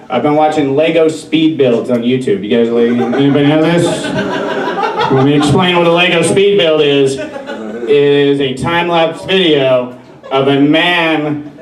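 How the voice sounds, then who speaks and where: Rambling stand-up comic in echoey bar. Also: male voice, fairly high pitch. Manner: rambling, self-deprecating storytelling with many restarts. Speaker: stand-up comedian. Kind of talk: stand-up comedy set. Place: bar or brewery stage with a live audience. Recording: echoey room, far mic, loud crowd. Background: audience laughter.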